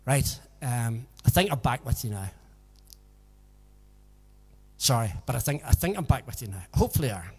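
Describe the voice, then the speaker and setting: A man's voice: mid-range voice, sing-song, normal speed, pauses often, darkish tone, breathy edge. A man hosting a casual live music stream from his home, chatting in a folksy way and tagging his sentences with "so it did". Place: home in a village. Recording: long reverb with backing music.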